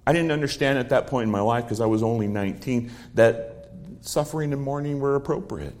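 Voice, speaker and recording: A man's voice: mid-range voice, fairly quick, a little mellow. A middle-aged man preaching a sermon, expounding a psalm verse by verse and telling stories from his own life in an earnest way. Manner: earnest storytelling with quoted dialogue.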